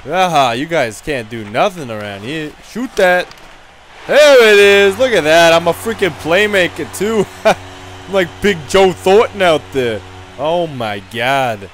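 A man's voice: on the high side, lively intonation, a little slow, fairly bright tone, slight background noise. A man doing a brash dim-witted hockey goon. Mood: rowdy. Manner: rowdy trash talk, frequent laughs. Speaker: gaming video creator. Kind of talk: in-character gameplay commentary.

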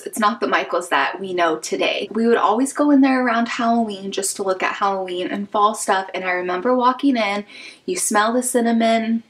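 A woman's voice: fairly high pitch, poor audio. A young woman from Kansas hosting a casual vlog, opening fan mail, gushing and emotional, with many "like" fillers. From Wichita, Kansas. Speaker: YouTube channel host.

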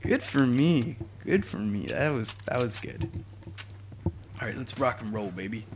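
Excitable young man narrating a game. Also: mid-range voice, measured pace, a little hiss or hum. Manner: excitable, jokey, talks to viewers, yells at enemies. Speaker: gaming YouTuber. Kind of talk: let's play commentary.

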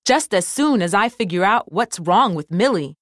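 A woman doing a gentle, confident young toy doctor. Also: medium pitch, animated, normal speed, no echo, clean studio sound, close to an everyday voice.

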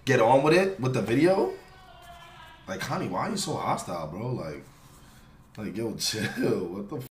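A young man streaming a live reaction, talking in slang and swinging from low mutters to loud excited shouts. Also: normal speed, long pauses. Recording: roomy echo with faint noise.

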